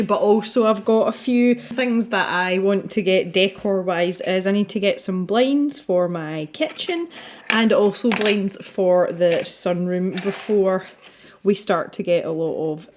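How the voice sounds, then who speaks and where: A Scottish woman chats casually as she colours for her channel, wandering from topic to topic. She laughs easily and talks in a relaxed, rambling way, her voice sitting at an ordinary middle pitch. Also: slow pace, a little hiss or hum. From Scotland. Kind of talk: casual chat while colouring.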